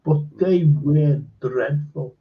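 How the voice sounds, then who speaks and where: A man's voice: on the high side, slow pace, phone-quality sound. A man hosting a live stream, chatting casually about football with blunt, emphatic verdicts and lots of fillers.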